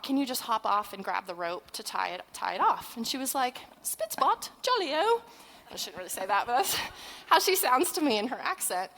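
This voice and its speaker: A woman in her forties speaks at a conference in a slightly high voice. She tells stories in a chatty, animated way and keeps the talk light with asides and self-deprecating humor. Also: rough recording. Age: 40s. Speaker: parenting trainer speaking at a conference.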